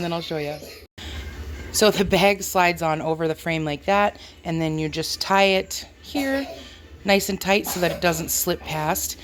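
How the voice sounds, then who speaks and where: This homestead vlogger has a squeaky voice and keeps up a casual, chatty stream of talk as she works in her home kitchen, cracking self-deprecating jokes along the way.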